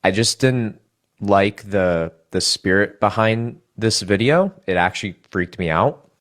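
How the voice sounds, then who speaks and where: A man with a very low voice tells his personal testimony in a casual, heartfelt way. He speaks earnestly and emotionally, often restarting and filling with "like". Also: unhurried, a bit bright.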